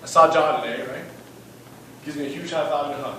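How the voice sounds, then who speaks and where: A man's voice: fairly high pitch, fairly quick, a bit bright. A man who is a school principal, telling an emphatic story at a fundraiser and often asking "right?". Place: event room. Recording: echoey room, distant mic, noisy.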